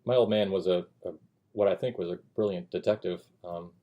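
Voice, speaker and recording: A man's voice: deep voice, steady tone, fairly quick, lo-fi sound. A man hosting a podcast, chatting casually and telling a rambling story with acted-out bits of dialogue. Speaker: podcast host. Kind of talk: casual chat.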